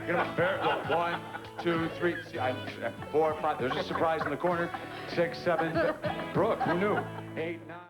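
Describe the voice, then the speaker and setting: A man's voice: a little high, fairly even intonation, normal speed, close to an everyday voice. An actor playing a brash male lawyer in a soap opera, teasing and roasting people from a club stage. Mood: cocky. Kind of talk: 1990s daytime soap acting. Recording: echoey club with loud music.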